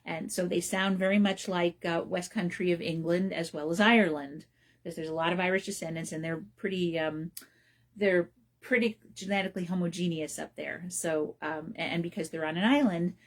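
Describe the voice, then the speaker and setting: Middle-aged lady radio host, kinda low voice, rambles on with lots of ums. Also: fairly even intonation, moderate pace. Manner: rambling, with many ums and restarts. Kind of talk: casual solo talk.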